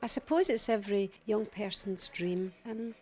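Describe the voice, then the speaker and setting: A woman interviewed for a documentary, telling her story in an emotional, animated way. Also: medium pitch, moderate pace.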